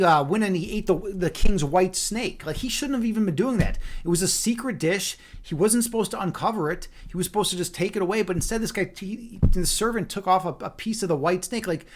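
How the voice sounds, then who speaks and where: A man livestreaming, reading a fairy tale aloud and chatting with viewers in a rambling way, repeating his words. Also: sits high.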